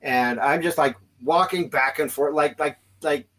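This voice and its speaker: A man's voice: fairly high pitch, unhurried, a bit bright, poor audio. A man hosting a podcast, telling a story casually with lots of restarts and fillers. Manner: rambling, many restarts and fillers, acts out quoted voices. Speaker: podcast host.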